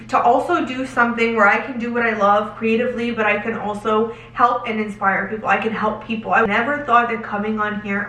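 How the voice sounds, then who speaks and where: Speaking to camera, this young lifestyle vlogger fields viewer questions in a candid, emotional, casual way, drawing out words to stress them. Her tone is bright and forceful, pitched a little high. The recording has a roomy echo, with her slightly far from the microphone.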